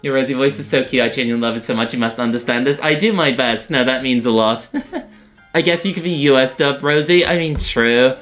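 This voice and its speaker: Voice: mid-range voice, fairly quick, a bit bright, faint music behind. Giggly, chatty streamer. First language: not American. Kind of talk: casual live-stream commentary.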